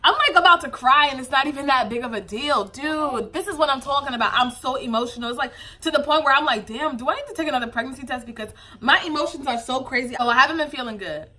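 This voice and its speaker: Young woman, bright voice, slightly high, emotional, candid, casual vlog. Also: fast, few pauses. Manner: emotional, tearful at times, candid, lots of fillers. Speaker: vlogger, new mother.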